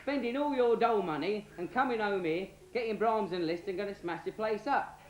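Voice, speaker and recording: A man's voice: high voice, a little fast, close to an everyday voice. A man putting on a brash Cockney girl. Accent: London Cockney. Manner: brash, shouting slang. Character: cheeky mouthy young London girl. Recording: roomy echo.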